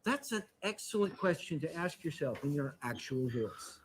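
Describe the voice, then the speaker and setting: A man's voice: a little high, lively intonation, normal speed, a little hiss or hum, lightly acted. An actor playing an irritated male coffee-shop customer who lectures in a sarcastic, mocking tone. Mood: exasperated mocking.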